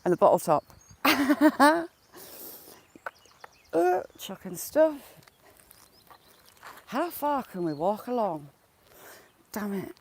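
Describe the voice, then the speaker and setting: A woman's voice: medium pitch, very animated, slow pace, pauses often, darkish tone, a little hiss or hum. A woman chatting to viewers as she walks along a river outdoors, laughing often and talking to herself, recorded on a handheld phone. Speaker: vlogger. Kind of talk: casual walking vlog, chatting to live viewers.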